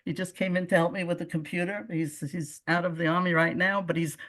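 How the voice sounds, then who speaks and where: An older woman from the United States with a Brooklyn accent, telling personal stories as a guest speaker with lively asides and frequent self-corrections. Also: on the low side, brisk. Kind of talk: personal storytelling talk.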